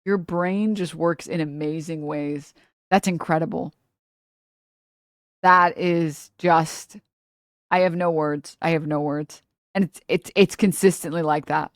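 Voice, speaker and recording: A woman's voice: low voice, fairly even intonation, unhurried, no echo, clean studio sound. A woman live streamer ranting about politics to her chat, blunt, sarcastic and profane, often laughing mid-sentence. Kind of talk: casual political rant to chat.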